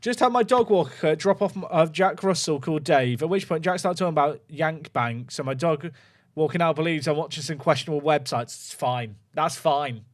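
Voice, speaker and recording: His voice sits on the high side and keeps a normal speed as he streams a football management game. The man chats informally with viewers, voicing his thoughts while he plays.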